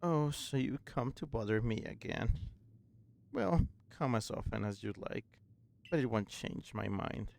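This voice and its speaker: A man reading the lines of a stubborn, guarded elderly woman in a low, subdued voice. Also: lively intonation, measured pace, creaky, a little mellow. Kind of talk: reading game dialogue aloud.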